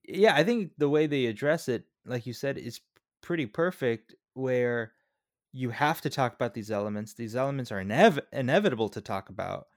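A man's voice: medium pitch, no echo, studio quality. A man co-hosting a podcast, discussing a film in casual chat, thoughtful and a bit hesitant. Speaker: podcast co-host. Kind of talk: casual movie review chat.

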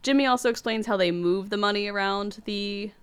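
A woman hosting a casual movie podcast, recapping the plot with fillers and quick laughs. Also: medium pitch, a little hiss or hum. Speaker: podcast host.

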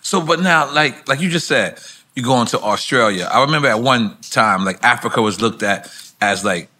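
Bright, joking male podcast host. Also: medium pitch, expressive, moderate pace. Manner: loud, joking, street slang. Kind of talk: casual chat.

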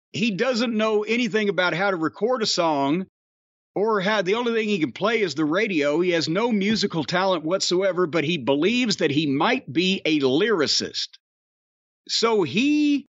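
A man hosting a podcast in casual, profane, rambling chat, his voice getting hoarse. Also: high voice, no room sound, lo-fi sound. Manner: rambling, animated storyteller, profane. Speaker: podcast host.

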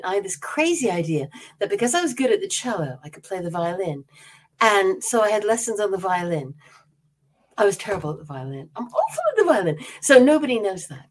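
An older American woman with an accent mixing American and English, chatting as a guest author over a video call, self-deprecating and laughing often. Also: mid-range voice. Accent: mixed American and English. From United States. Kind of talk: podcast interview answers.

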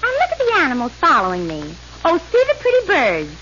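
A woman's voice: high voice, huge pitch swings, brisk, very noisy. A woman playing a sweet, melodramatic young Snow White in a 1930s radio comedy, mixing swooning lines with wisecracks. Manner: melodramatic, wide-eyed, wisecracking. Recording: dull 1930s radio broadcast with music.

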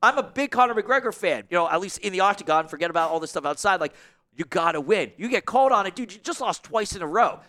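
A man's voice: high-pitched, lively intonation, fast talker, pushed and bright. A man in casual sports talk, ranting animatedly as a guest columnist.

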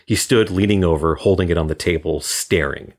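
This scripted audiobook narration comes from a man from Florida, guest-reading a crime story. His voice sits low, and he tells the story in a steady, measured way.

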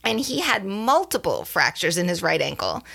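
Woman cohosting a chatty podcast, kinda gravelly, bright, laughs a lot. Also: lowish voice, very animated, moderate pace. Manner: chatty, laughs often, self-correcting. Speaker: podcast co-host. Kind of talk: casual chat about baseball.

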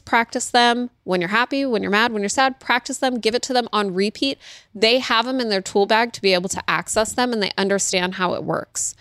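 A woman's voice: medium pitch, fairly bright tone, no room sound, studio quality. A woman in her thirties giving parenting advice in a casual, earnest way, repeating her key points.

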